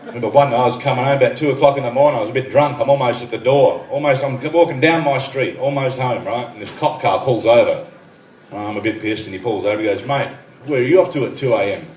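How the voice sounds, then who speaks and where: A man's voice: medium pitch, fairly even intonation, fast, a little mellow. A man in his thirties with an Australian accent doing a stand-up routine, trading dry one-liners and asides with the crowd. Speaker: stand-up comedian. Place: benefit night venue, live room. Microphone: far phone recording. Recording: echoey far phone recording, noisy room. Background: crowd laughter and room noise.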